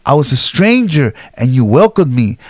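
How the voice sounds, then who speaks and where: A man's voice: medium pitch, big pitch swings, moderate pace, dry recording. A man preaching a sermon, reading scripture aloud with emphatic, dramatic delivery.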